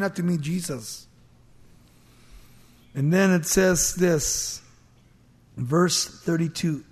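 A man delivers a sermon in a lively, high voice, acting out the people of a scripture story and laughing along the way. His voice rings with the long echo of a large hall. He swings between loud bursts and quiet asides. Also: slow pace, pauses often, husky. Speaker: preacher.

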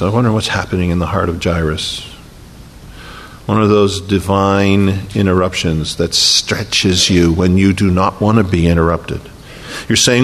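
A man preaching a sermon and telling the story with feeling, often dropping to a slow, quiet hush for emphasis. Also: on the low side. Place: church sanctuary. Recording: long reverb of a large hall.

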